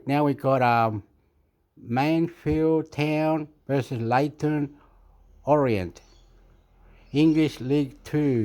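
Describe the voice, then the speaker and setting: A man's voice: medium pitch, a little mellow. A man who grew up in Chile, talking to camera in a rambling, casual monologue, meandering and self-deprecating, often laughing at himself. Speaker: YouTuber.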